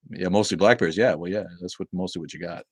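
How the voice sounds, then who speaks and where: Reading viewer chat on his livestream, a middle-aged man talks casually and swears his way through rambles between comments. His voice is low-pitched and slightly rough, his pace quick, and there's no room sound.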